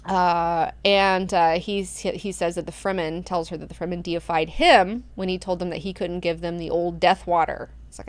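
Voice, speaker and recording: A woman hosting a book club, retelling the plot in a loose, crude, slangy way that is full of filler words. Her voice is smooth and clear at a middle pitch. The recording is dry and close. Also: fairly even intonation, moderate pace, hardly any pauses, no room sound. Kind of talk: casual book recap.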